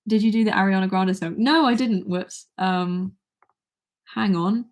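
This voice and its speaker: A woman's voice: mid-range voice, measured pace. A nineteen-year-old woman with an English accent, chatting casually on a livestream and reading viewer comments aloud between songs.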